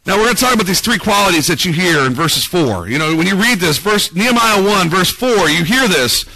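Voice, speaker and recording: A man delivers a sermon in a relaxed, conversational way, reading passages aloud and asking listeners what breaks their heart. His voice sits high and sounds bright and forward, recorded dry and close with almost no reverb. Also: brisk. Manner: conversational preaching, reads scripture aloud, rhetorical questions. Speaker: pastor.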